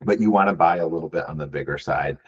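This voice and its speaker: Appearing as a business-buyer guest, a Michigan man answers interview questions in a casual way, peppering his speech with "um" and "right?" and restarting phrases. His voice is a rumbling low and slightly rough, he talks fast, and the recording's highs are cut off.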